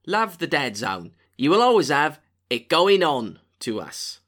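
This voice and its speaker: A man putting on an Australian accent by way of Cockney, chirpy and loud, reading out a birthday message. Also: a little high, sing-song, measured pace, pitched above the performer's own voice, full character voice. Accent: attempted Australian via Cockney.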